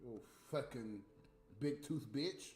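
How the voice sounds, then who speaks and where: A man delivering a heated, profane, scolding rant on a livestream, with loud bursts. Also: medium pitch, slow pace. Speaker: livestream host. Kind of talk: unscripted ranting monologue. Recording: echoey room with faint music.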